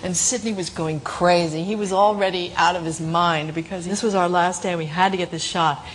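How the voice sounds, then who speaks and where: A middle-aged woman as a talk show guest, telling a lively anecdote with frequent laughs. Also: fairly low pitch, normal speed, slight background noise, rough recording. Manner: animated, laughing storyteller.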